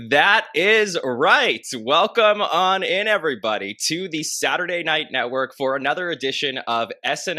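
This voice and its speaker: A man's voice: low voice, pushed and bright, dry recording. A man hosting a podcast, reading promos and introducing his guest in an upbeat, promotional manner. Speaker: podcast host. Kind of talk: podcast host read and intro.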